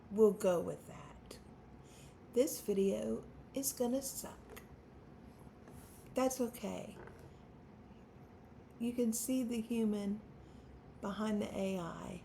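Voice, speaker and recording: Slow-talking woman in her fifties, gravelly. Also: mid-range voice, a little mellow, a little hiss or hum. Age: 50s. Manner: nervous, stammering, self-deprecating with laughs. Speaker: songwriter and channel host. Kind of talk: unscripted talk to camera.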